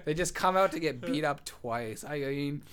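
A man's voice: a little high, normal speed, a bit bright, clean tone. A man co-hosting a casual wrestling podcast, agreeable and chatty with frequent restarts. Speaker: podcast co-host.

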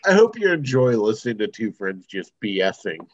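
A man's voice: lowish voice, very animated, brisk, dull audio. A man co-hosting a casual podcast, joking in dry, wry asides. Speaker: podcast co-host. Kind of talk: casual chat.

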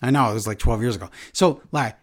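A man in a relaxed podcast chat, reading out listener mail in a mid-range voice. He keeps stopping to crack jokes about what he reads, in an easy, dry tone. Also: medium pitch, fast. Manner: joking, reads emails aloud with asides. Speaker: podcast co-host.

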